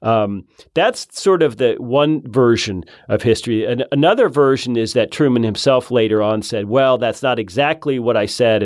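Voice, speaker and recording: A man's voice: mid-range voice, darkish tone, no room sound. A male guest in casual political talk. He makes his points in short, emphatic bursts and often restarts his sentences. The recording is dry and close.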